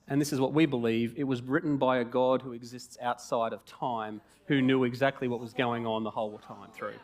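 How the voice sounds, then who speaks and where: A man in his forties preaching a sermon in a jokey, conversational and animated way, with asides and rhetorical questions. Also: on the high side.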